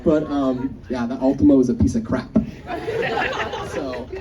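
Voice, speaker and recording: A young eulogy speaker at a memorial gathering tells rambling stories, chuckling often, in a warm, steady, unhurried voice of medium pitch. He is recorded from a distance, with a faint crowd in the background.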